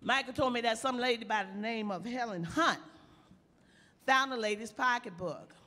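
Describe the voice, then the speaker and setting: An actress playing an elderly woman stand-up comic, telling folksy jokes with slow, sly punchlines on a theater stage. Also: on the high side, bright, forceful tone, slight background noise. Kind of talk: live stand-up comedy routine in a play. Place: theater stage before an audience. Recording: long hall reverb of a live theater.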